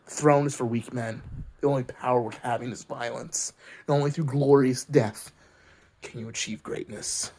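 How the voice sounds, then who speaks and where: A man's voice: mid-range voice, fairly even intonation, normal speed, a little mellow, slight background noise. Male video creator, profane preachy rant, mid-range voice. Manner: heated, preachy, swears constantly. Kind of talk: profane ranting monologue.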